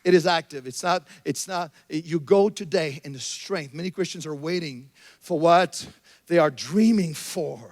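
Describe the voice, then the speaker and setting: High-voiced male preacher, emphatic and dry. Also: moderate pace, no echo. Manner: emphatic preaching, swings from soft storytelling to shouted exhortation. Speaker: pastor. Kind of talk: sermon. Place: church sanctuary.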